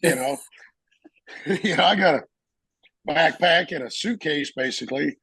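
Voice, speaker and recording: A Marine veteran telling a story in a casual interview, acting out the voices of people in it and laughing often. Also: male voice, on the high side, a little slow, vocal fry, sharp tone, slightly rough, dry recording, low-quality recording.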